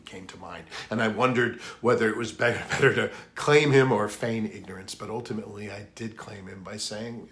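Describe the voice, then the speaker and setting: A man's voice: lowish voice, normal speed, hardly any pauses, fairly bright tone. A man preaching a sermon for an online worship video, opening with a prayer and telling a story in an earnest voice that rises for emphasis. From New England. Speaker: pastor.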